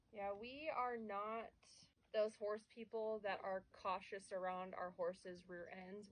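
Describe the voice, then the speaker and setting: A woman training a young horse, talking casually to the camera and softly praising the animal as she works. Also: mid-range voice, low-quality recording. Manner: soft, coaxing praise to the horse. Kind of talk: casual vlog narration while working a horse. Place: outdoors with a horse.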